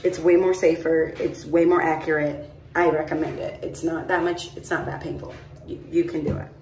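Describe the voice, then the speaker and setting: A woman's voice: sits low, steady tone, moderate pace, a little mellow, a little hiss or hum. A young woman telling a long personal story to her phone camera in a chatty, rambling way, full of "like" and "mind you". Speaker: vlogger. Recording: roomy echo, phone held at a distance.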